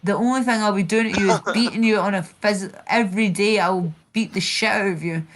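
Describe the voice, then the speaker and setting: Scottish woman, casual online chat, rambling, swears freely, animated storytelling, mid-pitched voice. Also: fairly quick, background noise. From Scotland. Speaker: channel host.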